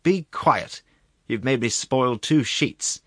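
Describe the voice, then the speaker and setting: A man voicing a fretful presiding judge who complains loudly and tearfully. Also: mid-range voice, slow, no echo, studio quality, voice pushed up. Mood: exasperated. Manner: loud, tearful, exasperated.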